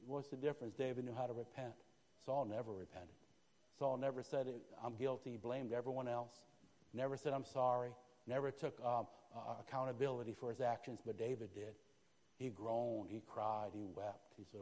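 A male pastor preaching a sermon with fervor, dropping to a hush and then rising to shouts, and calling out "Amen?" to his congregation. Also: mid-range voice, fairly even intonation, brisk, long reverb tail. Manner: fervent, swinging from hushed to shouting. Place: church sanctuary.

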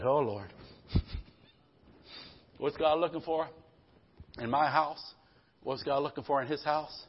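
A man preaching a sermon, emphatic, calling out to the congregation and swinging between loud bursts and quiet low passages. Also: slow pace, pauses often, husky, lo-fi sound. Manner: emphatic, calls out "Amen?" to the congregation.

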